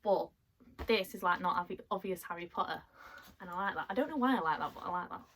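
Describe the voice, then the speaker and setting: A woman chatting casually as she unboxes items at home, excitable and quick to laugh. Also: fairly low pitch, a little hiss or hum. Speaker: vlogger. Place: at home, in a bedroom.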